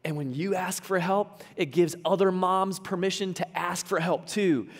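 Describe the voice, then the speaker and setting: A man with a fairly high voice gives a casual, joking sermon as a pastor. His words ring out with a long reverb, as if he is recorded in a large church hall. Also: steady tone, normal speed. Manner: conversational preaching with humorous asides.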